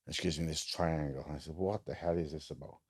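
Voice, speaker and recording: A man's voice: a bass voice, fairly even intonation, fast, breathy edge. A man from Wales, a podcast guest telling stories from his life in a frank, matter-of-fact way, full of fillers and restarts. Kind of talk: casual storytelling.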